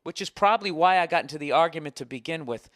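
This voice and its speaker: A man's voice: on the high side, quick pace, no room sound, studio quality. Profane, ranting man in his forties. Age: 40s. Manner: profane, animated rant with acted-out quotes. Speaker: podcast host. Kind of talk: casual comedic storytelling.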